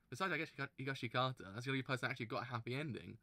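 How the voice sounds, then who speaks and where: A man hosting a live manga reaction, reading the text aloud with some stumbles and breaking into excited, loud exclamations. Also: mid-range voice, very fast, hardly any pauses, dry recording. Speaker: manga reaction channel host.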